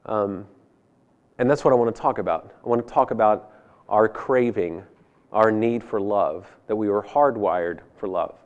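A man in his thirties preaching, telling a funny personal story that swings between loud and hushed delivery. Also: on the low side, normal speed, dull audio. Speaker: pastor. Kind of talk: sermon. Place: church hall.

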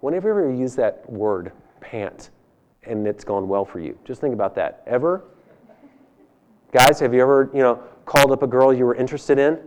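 A male pastor preaching a sermon with emphatic, swinging delivery, from loud urging to hushed asides. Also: mid-range voice, normal speed, dull audio.

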